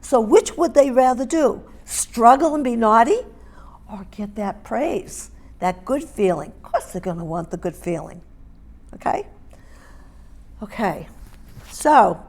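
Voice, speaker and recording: A middle-aged dog grooming and training instructor with a darkish, medium-pitched voice gives a hands-on teaching demonstration. She talks with emphasis, goes over the key points more than once, and regularly checks in with her listeners.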